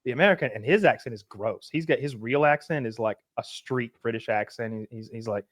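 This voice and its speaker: A man hosting a podcast, telling stories in casual chat, animated and swearing freely. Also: medium pitch, moderate pace, no room sound, studio quality. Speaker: podcast host.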